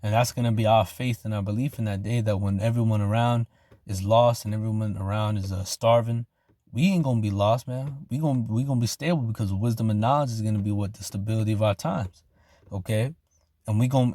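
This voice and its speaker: A man preaching an informal sermon in casual street slang, filling his talk with "man" and "okay", and slowing down to read scripture loudly. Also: fairly low pitch, dry recording, clean studio sound. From Arizona, United States. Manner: reads scripture slowly and loudly.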